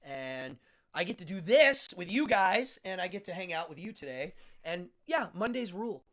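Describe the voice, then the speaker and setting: A man's voice: high-pitched, very animated, moderate pace, a bit bright, slight background noise. Sex: man. Role: rambling live-stream host. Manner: rambling, laughs often. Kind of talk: casual live-stream chat.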